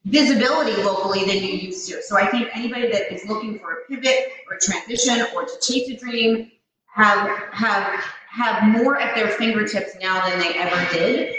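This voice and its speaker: A woman's voice: mid-range voice, moderate pace, background noise. A woman co-hosting a live podcast in casual chat, speaking in a thoughtful way with frequent restarts. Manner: reflective, restarts often. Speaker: podcast co-host. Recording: echoey room, distant mic, crowd behind.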